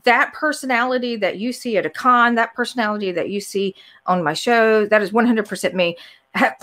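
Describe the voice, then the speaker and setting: A woman hosting a casual chat, telling stories in an animated way and quoting herself. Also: medium pitch. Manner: animated storytelling with laughs and quoted asides. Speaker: podcast host.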